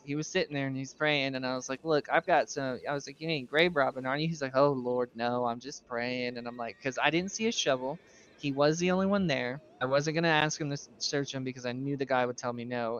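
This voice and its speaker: A man's voice: mid-range voice, a bit bright, lo-fi sound, slight background noise. A man in a casual roleplay chat, training a new recruit as sheriff, rambling through stories, laughing often and swearing casually. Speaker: streamer playing a sheriff.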